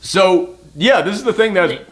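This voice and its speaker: A man's voice: high voice, expressive, a little slow, a bit bright. A man chatting casually as he reviews a film, rambling with lots of fillers.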